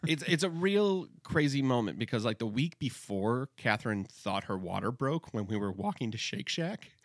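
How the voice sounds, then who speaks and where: A man's voice: mid-range voice, lively intonation, normal speed, no echo, clean studio sound. A young man casually telling a rambling, jokey story as a podcast co-host. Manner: rambling, jokey, slips into comic voices.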